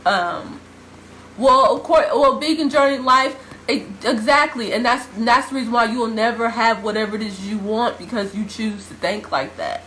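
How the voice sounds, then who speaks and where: A woman's voice: fairly high pitch, normal speed, fairly bright tone, a little hiss or hum, low-quality recording. A young adult woman vlogging, telling a personal story straight to her viewers in a casual, emphatic way and repeating phrases for stress. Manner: addresses viewers informally.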